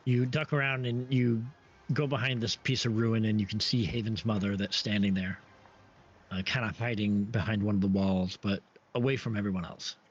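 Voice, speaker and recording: Guy gm narrating a tabletop game, lowish voice, halting, dull lo-fi stream audio. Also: fairly even intonation, breathy edge. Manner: halting, many restarts and fillers. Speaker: game master.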